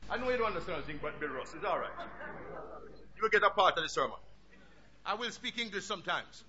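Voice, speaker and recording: A man preaching a sermon with fervour, dropping into low asides and rising to shouted peaks. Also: expressive, fast talker. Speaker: pastor. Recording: dull lo-fi recording with faint noise.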